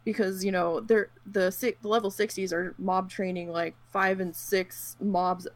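A woman chatting casually about gaming, telling her stories with animated quotes and a lot of fillers. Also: medium pitch, measured pace, dry recording. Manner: animated storyteller who acts out quotes; frequent fillers and laughs.

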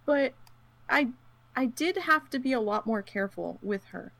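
A woman on a casual gaming chat, her voice carrying a gravelly, fried edge. She tells stories with lively put-on quotes, and her talk is full of ums and easy fillers. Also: on the high side, normal speed, no room sound. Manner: animated storyteller who acts out quotes; frequent fillers and laughs.

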